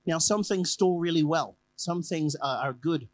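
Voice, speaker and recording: In a conversational evening sermon, a man tells a personal story and repeats key phrases for emphasis. His voice is a little high and unhurried, and the recording quality is low.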